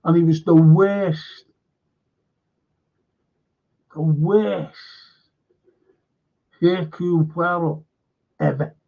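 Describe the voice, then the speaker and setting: A man's voice: on the high side, fairly even intonation, drawn-out words, long pauses. A man hosting a film and TV review livestream, chatting casually and rambling, swearing freely and repeating himself. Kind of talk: casual livestream chat reading viewer comments. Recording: dull lo-fi stream audio.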